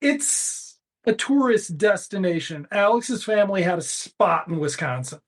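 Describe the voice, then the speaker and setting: A man's voice: sits high, lively intonation, measured pace. A man co-hosting a podcast, recapping a TV episode in a casual, profane, sarcastic and joking way. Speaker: podcast co-host.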